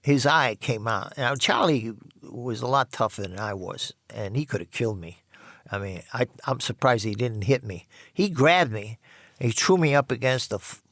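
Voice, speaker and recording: An older man casually telling his own rough life story, blunt and profane, rambling with many restarts. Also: mid-range voice, moderate pace, fairly bright tone, no echo, studio quality.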